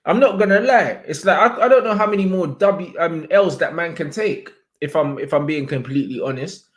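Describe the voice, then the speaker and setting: A young man hosting a casual livestream, chatting in heavy slang and shouting out viewers. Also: fairly high pitch, brisk. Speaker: livestream host.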